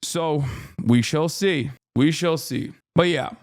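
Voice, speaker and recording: Male streamer, fairly high voice, profane animated rant. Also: slow. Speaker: streamer reacting to clips. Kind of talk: live-stream commentary.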